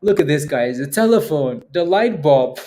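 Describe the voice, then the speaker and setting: A man's voice: a little high, animated, moderate pace, warm tone. A man hosting a casual stock trading livestream, joking around with his viewers and laughing often.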